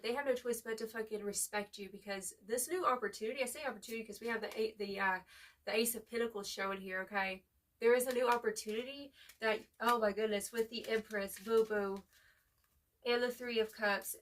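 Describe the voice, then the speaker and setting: A woman with a slightly high voice gives a tarot reading in a loose, casual way, swearing freely and calling the listener pet names. She turns emotional, near tears at times. She sits a little back from the mic. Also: a bit bright, recorded from a distance. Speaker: tarot reader.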